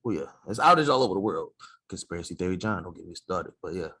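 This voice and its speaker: A man co-hosting a podcast in quick, playful, teasing banter. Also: low-pitched, expressive, sharp tone, breathy edge. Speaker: podcast co-host. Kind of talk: casual chat.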